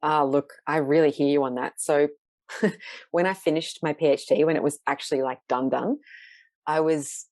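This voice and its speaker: A middle-aged woman with a notably low voice, recorded close with no room sound. She talks candidly and reflectively as a guest, laughing often. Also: steady tone, moderate pace, a little mellow, no room sound. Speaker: podcast guest, researcher and photographer. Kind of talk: casual conversational interview.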